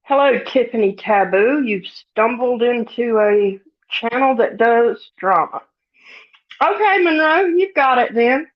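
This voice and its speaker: A woman chats to her livestream viewers in a slow, folksy drawl, giggling now and then. She sounds a little sniffly. The stream audio is dull and lo-fi. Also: on the high side. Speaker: livestream host. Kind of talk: casual live chat reading comments.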